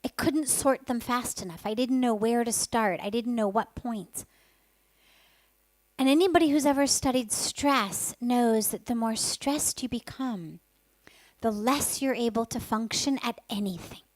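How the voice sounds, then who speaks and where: A woman's voice: fairly high pitch, measured pace, no echo. A woman who is a spiritual teacher tells a personal story candidly and vividly, sometimes dropping to a whisper for her inner thoughts.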